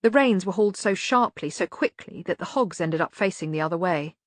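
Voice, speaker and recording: A woman reading an audiobook in measured, even narration. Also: on the low side, dry recording.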